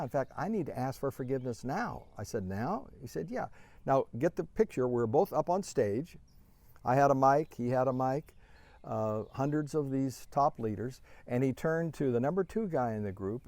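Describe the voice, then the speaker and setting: A man's voice: mid-range voice, dark tone, dry recording. A middle-aged man, an author and speaker, telling an anecdote with many fillers and restarts, lifting his voice to act out the quoted lines. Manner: acts out quoted dialogue with lifted voice. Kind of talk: storytelling talk.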